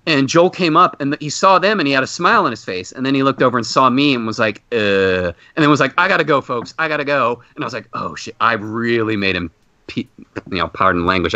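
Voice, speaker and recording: A man on a podcast tells a rambling anecdote, bursting into loud acted-out shouts now and then. His voice is bright and tense. The recording is dry and close, with a slightly dull, muffled tone. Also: medium pitch, dry recording. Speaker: podcast host. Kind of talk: casual storytelling.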